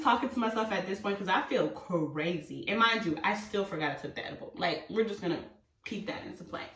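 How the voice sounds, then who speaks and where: A woman vlogger telling a casual story, animated and swearing freely, acting out her own panic. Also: medium pitch, quick pace, recorded from a distance. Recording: roomy sound from away from the mic.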